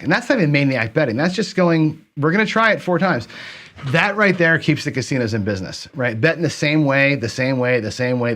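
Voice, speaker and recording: A man's voice: mid-range voice, fairly bright tone. A man hosting a craps channel, talking casually through a live dice session, chatty, repeating words for emphasis and correcting himself as he goes. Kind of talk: casual livestream commentary on a dice game.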